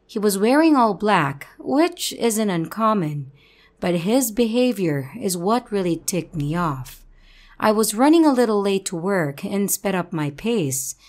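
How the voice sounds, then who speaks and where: A woman reading a viewer's true creepy story aloud, steady and dramatic. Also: mid-range voice, measured pace. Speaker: narrator reading viewer stories. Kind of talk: scripted horror story narration.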